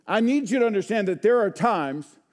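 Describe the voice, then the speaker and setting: A man preaching a sermon as pastor, calling out to the congregation and using folksy phrases and rhetorical questions, swinging from hushed asides to loud emphatic shouts. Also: high voice, expressive, brisk. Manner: preaching with call-and-response to the congregation.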